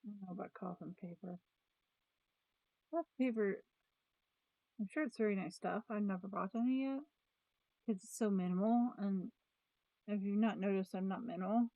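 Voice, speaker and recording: A woman's voice: medium pitch, moderate pace, long pauses, no room sound, phone-quality sound. A woman vlogger chatting casually about planners, thinking aloud with restarts and trailing sentences. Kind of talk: casual chat.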